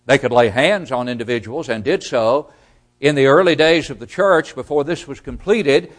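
Male preacher, sermon, emphatic, loud stresses, quiet trailing endings. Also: mid-range voice, normal speed.

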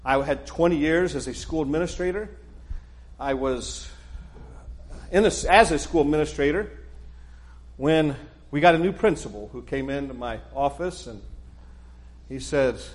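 A man's voice: on the high side, normal speed, pauses often. Rambling middle-aged male preacher. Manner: rambling, with frequent restarts. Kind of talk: casual introductory sermon talk. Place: church.

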